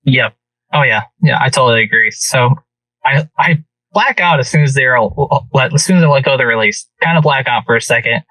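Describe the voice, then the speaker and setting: Man guest, casual storyteller with frequent restarts, bright and a little distant from the mic. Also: mid-range voice, brisk, dry recording. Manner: animated hunting story with many restarts. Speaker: podcast guest.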